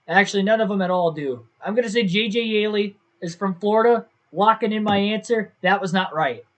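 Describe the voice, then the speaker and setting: Young male gaming streamer, casual and self-doubting, a bit higher-pitched than most men, on a desk mic. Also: brisk. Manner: thinks aloud, second-guesses himself. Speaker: gaming livestreamer. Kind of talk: casual livestream commentary.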